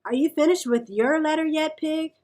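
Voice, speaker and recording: A woman's voice: sits high, normal speed, darkish tone, voice pushed up, natural voice. A woman doing an eager young rabbit.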